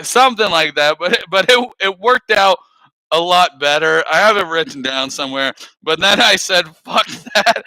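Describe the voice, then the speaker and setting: A man's voice: a little high, pushed and bright, clear, resonant tone, no echo, poor audio. A man on a live stream chatting casually, rambling, swearing a lot and laughing often.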